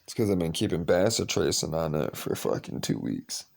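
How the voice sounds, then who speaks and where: A man's voice: sits low, expressive, moderate pace, creaky. A man talking casually to his kitten late at night, cooing baby talk mixed with offhand swearing. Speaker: pet owner.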